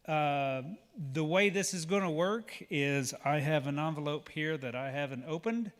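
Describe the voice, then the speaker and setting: A man's voice: fairly high pitch, a little fast. A man with an Oklahoma accent hosting a pageant on stage, chatty and joking with the crowd. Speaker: pageant emcee. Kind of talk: live event hosting. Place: large auditorium. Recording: long hall reverb.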